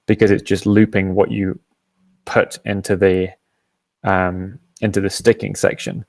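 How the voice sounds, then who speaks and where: A man hosting a live app demo, patiently explaining each step and often pausing with "um". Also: deep voice, level tone, gravelly, over loud music. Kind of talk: software demo and Q&A.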